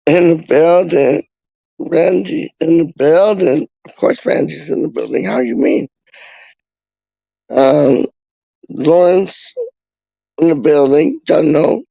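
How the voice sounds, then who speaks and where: A man's voice: a little high, vocal fry, warm tone, no room sound, low-quality recording. A young man talking casually on a live stream, rambling and slangy as he reads and answers chat. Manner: slangy, rambling, repeats himself. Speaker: livestreamer reading chat.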